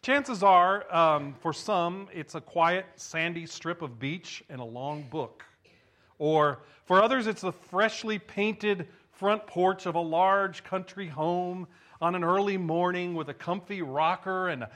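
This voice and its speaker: A man's voice: a little high, fairly bright tone. A man preaching a sermon, reading scripture with emphasis and then talking to the congregation in a conversational way, often repeating words as he goes. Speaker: pastor.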